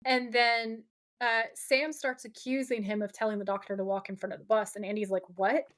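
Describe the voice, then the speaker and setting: A podcast co-host with a medium-pitched voice talks a little fast as she recaps a TV episode. Her casual, animated retelling includes acting out the characters' lines.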